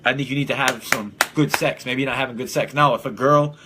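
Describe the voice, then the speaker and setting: A man's voice: medium pitch, steady tone, fast, background noise. A young man hosting a casual solo podcast, blunt and profane, who often laughs at his own jokes. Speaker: podcast host.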